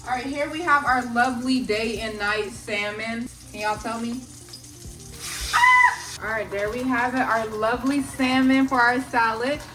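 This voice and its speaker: A woman's voice: a little high, fairly even intonation, moderate pace, hardly any pauses, distant mic, heavy background noise. A young woman cooking in her home kitchen and talking through each step in a chatty, profane, joking way. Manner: chatty, profane, jokey self-narration. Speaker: vlogger. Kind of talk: casual cooking vlog. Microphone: phone on a charger, away from the stove.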